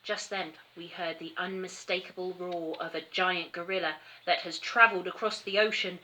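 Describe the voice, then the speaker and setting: A woman teacher with an English accent reading a storybook aloud to children in an expressive way, pausing to point out the pictures. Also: on the low side, a little hiss or hum, poor audio. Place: school.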